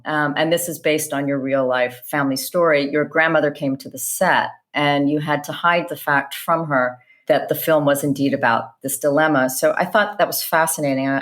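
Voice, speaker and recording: Moderator, woman, very low voice, measured and articulate when asking questions. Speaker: interview moderator. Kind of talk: moderated panel conversation.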